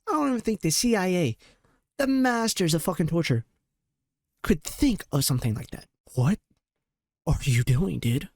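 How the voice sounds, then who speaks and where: A man's voice: on the high side, a little mellow, no room sound, studio quality. A young man in reaction commentary, ranting with exasperated, profane and slangy outbursts. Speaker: commentary host.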